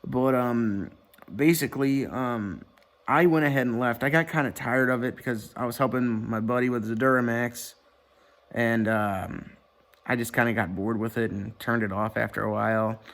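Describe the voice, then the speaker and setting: Guy ranting into his webcam at home, mid pitch, lots of ums, restarts and cussing. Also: fairly even intonation, moderate pace, a bit bright. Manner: rambling, profane, many fillers and restarts. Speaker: vlogger. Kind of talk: casual rambling commentary to camera. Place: indoor room at home. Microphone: webcam or computer mic.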